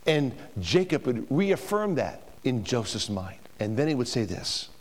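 A man's voice: medium pitch, big pitch swings, measured pace. A man preaching a sermon to a congregation, emphatic, with rhetorical questions to the room. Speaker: pastor. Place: church before a congregation.

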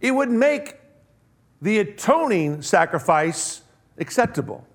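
High-voiced man preaching a sermon. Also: very animated. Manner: rhetorical questions, shifting between quick asides and slow emphasis; conversational, addresses listeners directly.

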